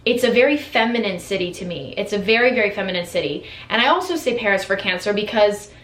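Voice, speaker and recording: A woman's voice: mid-range voice, expressive, fast, a bit bright. An American woman vlogger talking casually and enthusiastically to camera, with lots of fillers and restarts. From United States. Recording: echoey room.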